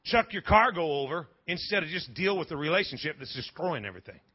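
Animated preacher with a husky voice. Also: male voice, on the high side, fast talker, lo-fi sound. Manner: animated, joking preacher with stammering restarts. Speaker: pastor. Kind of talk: sermon. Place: church sanctuary.

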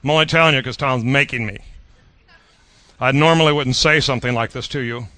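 A middle-aged male pastor preaching a sermon in an animated, joking way, often repeating his words. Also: medium pitch, brisk, no room sound.

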